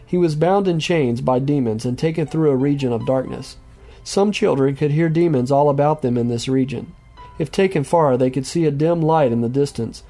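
A man reading a book aloud as narrator in a solemn, measured way. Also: medium pitch, warm tone. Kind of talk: audiobook reading.

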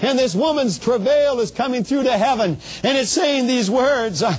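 High-voiced preacher man, fervent testimony. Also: moderate pace, few pauses, low-quality recording. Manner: fervent, storytelling, rising to emotional shouts; stumbles and repeats small words. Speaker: traveling minister. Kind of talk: testimony sermon.

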